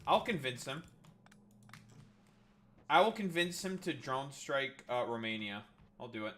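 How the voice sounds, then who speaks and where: A man's voice: medium pitch, a little slow, a bit bright. A man hosting a livestream, trash-talking and teasing his chat in a mocking way. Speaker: livestream host.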